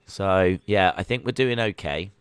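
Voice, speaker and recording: Male streamer, sports reactions, clear and dry. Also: low voice, unhurried, no room sound. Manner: chatty, excitable, with frequent fillers. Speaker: livestream host. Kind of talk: live sports watch-along commentary.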